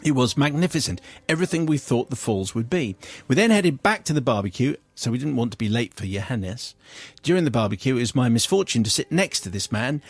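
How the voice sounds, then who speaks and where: A man's voice: sing-song, a little fast, slightly rough, dry recording, soft background music. A man, a radio host, reading a listener's funny letter aloud with comic flair. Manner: comic storytelling, swings into high squeals for the letter writer's cries. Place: radio studio.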